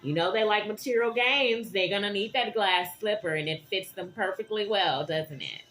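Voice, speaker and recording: A woman giving a tarot reading to her viewers, animated and dramatic, often checking in with "okay?". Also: medium pitch, normal speed, a little hiss or hum. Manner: animated, keeps asking "okay?". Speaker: tarot reader.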